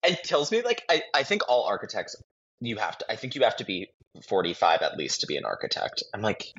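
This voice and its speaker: A young man co-hosting a podcast, teasing his co-host in quick casual banter. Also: fairly low pitch, sing-song, fairly bright tone, breathy edge, muffled recording. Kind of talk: casual chat.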